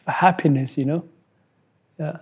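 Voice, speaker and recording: A man from Somalia, a guest in an interview, telling a personal story in a halting way, repeating words and acting out what others said. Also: fairly high pitch, steady tone, slightly rough. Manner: halting, repeats words, acts out quoted dialogue.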